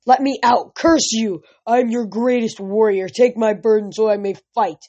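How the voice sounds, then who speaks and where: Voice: medium pitch, fairly even intonation, moderate pace, darkish tone, voice pushed up, close to an everyday voice. A reader voicing a tormented giant Titan who bellows in agony under a crushing weight, in a dull lo-fi recording. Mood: agonized.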